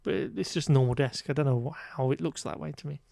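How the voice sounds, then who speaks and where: A man's voice: medium pitch, fast, vocal fry, dark tone, no room sound. Wry man recapping a film, dry sound. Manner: wry, exasperated recapping with frequent fillers. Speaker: podcast co-host. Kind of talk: casual chat reviewing a film.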